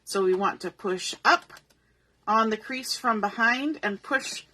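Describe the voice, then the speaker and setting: A woman's voice: medium pitch, measured pace, bright, forceful tone. A woman giving a patient, step-by-step papercraft tutorial, explaining each measurement as she works. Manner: patient, methodical, talks through each step. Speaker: papercraft instructor.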